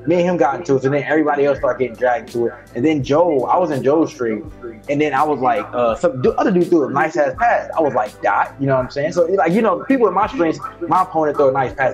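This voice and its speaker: A man talks at a rapid clip in a slightly raised voice, telling profane stories from his streams and acting out what others said. Music plays clearly in the background throughout the chat. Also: fairly high pitch, lo-fi sound. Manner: fast, profane storytelling, acts out quotes. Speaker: Twitch streamer guest. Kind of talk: casual heated chat.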